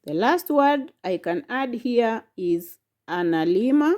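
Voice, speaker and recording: A woman's voice: on the high side, lively intonation, takes it slowly, a little mellow. A woman teaching a language lesson, saying each word and syllable carefully and repeating it. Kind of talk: slow instructional lesson.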